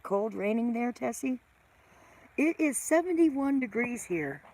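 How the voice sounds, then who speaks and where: A woman's voice: a little high, lively intonation, a little slow, a little mellow, slight background noise. A middle-aged woman hosting a casual live stream, greeting viewers by name and teasing herself.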